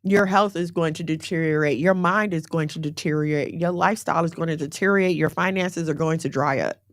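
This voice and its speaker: A woman giving a conversational sermon in a direct, animated way, mixing scripture with everyday slang. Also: low voice, a little fast, no room sound, studio quality. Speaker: faith teacher.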